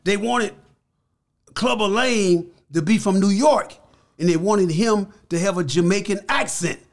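Older male guest, high-pitched, emphatic, animated storyteller who voices his quotes. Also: unhurried. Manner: emphatic, repeats key words. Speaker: interview guest. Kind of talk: storytelling in a podcast interview.

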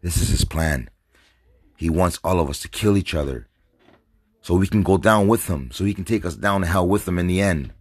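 A North American man vlogs a rambling, stream-of-consciousness rant to camera, agitated and swearing, repeating himself while he drinks and smokes. He has a low, darkish, slightly rough voice at normal speed, and the audio has no echo.

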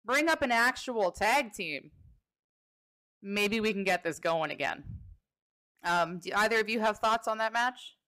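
A woman co-hosting a casual talk show, with a bright, forceful voice. She chats in a playful, loose way and teases about her own predictions. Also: medium pitch, lively intonation, a little slow, long pauses. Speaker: podcast co-host. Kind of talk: casual wrestling chat.

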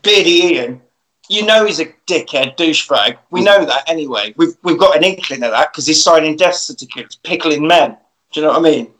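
A man's voice: fairly high pitch, lively intonation, fairly quick, fairly bright tone, low-quality recording. A man casually recapping a film plot, swearing and acting out the characters' lines.

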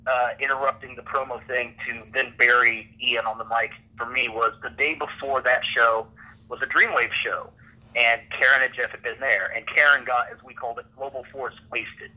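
A man's voice: mid-range voice, steady tone, moderate pace, sharp tone, poor audio. A man casually telling a rambling backstage story on a podcast, often laughing between lines.

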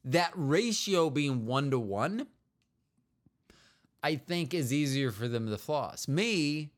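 A man's voice: fairly high pitch, expressive, slow. A man co-hosting a podcast, chatting casually with his partner in a rambling, joking, self-deprecating way. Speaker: podcast co-host.

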